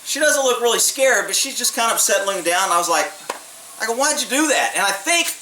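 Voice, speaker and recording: A man's voice: very high voice, animated, brisk, bright, forceful tone, far from the mic. Man, former police officer, casual blunt storytelling, echoey room, faint hiss. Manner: blunt, streetwise, swears freely.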